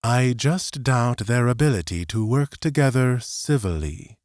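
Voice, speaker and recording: A man voicing a calm, formal ambassador who speaks in a measured, precise way. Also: mid-range voice, no room sound, clean studio sound, voice pushed up, natural voice. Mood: calm insistent.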